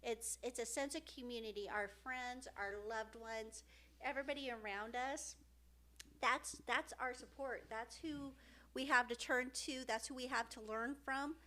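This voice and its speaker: A middle-aged woman co-hosting a casual podcast, speaking in a rather high voice. She talks with feeling, pausing and restarting often, and fills the gaps with soft fillers. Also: fairly even intonation. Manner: emotional, halting, many fillers and restarts. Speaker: podcast co-host. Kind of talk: heartfelt casual podcast chat.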